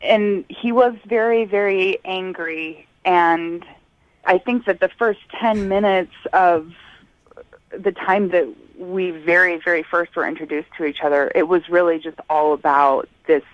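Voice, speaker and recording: A woman's voice: on the low side, fairly even intonation, unhurried, no echo. A woman talking to radio hosts over the phone, hesitant and polite, with nervous laughs. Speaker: caller on the phone. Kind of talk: phone conversation. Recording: dull phone line.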